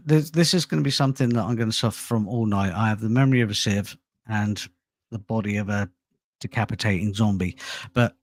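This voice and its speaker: A man's voice: mid-range voice, dry recording. A middle-aged man hosting a casual live stream, rambling and self-deprecating, often breaking into laughter. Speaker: host and channel producer.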